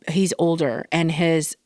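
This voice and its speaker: A woman's voice: deep voice, lively intonation, very slow, no echo, clean studio sound. A woman hosting a solo podcast, chatting casually and rambling through stories with lots of fillers and quoted asides. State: recovering from respiratory infection. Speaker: podcast host.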